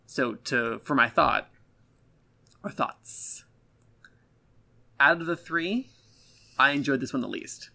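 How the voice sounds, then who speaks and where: Blunt man with a gravelly bright voice. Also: medium pitch, slow pace, long pauses. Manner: blunt, self-deprecating critique. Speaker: podcast co-host. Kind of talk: casual review chat.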